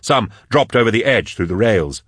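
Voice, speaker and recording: A man reading an action audiobook in a steady, dramatic scripted narration. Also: on the low side, normal speed, no echo.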